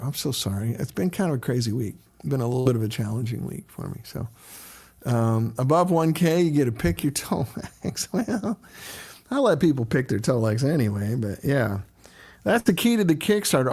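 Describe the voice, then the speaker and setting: A man's voice: mid-range voice, a little mellow. A middle-aged man hosting a casual livestream, chatting loosely and greeting viewers by name as he answers their questions.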